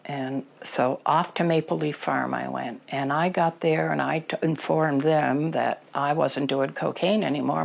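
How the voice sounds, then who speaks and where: A woman's voice: sits low, steady tone, measured pace, creaky, few pauses. A middle-aged woman telling her personal recovery story in an interview, candid and emotional, with many fillers.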